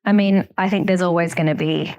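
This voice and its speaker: A woman's voice: on the low side, steady tone, brisk, mellow, no room sound, lo-fi sound. A young woman from Australia with an Australian accent, telling a personal story in a casual podcast chat, restarting often and leaning on fillers.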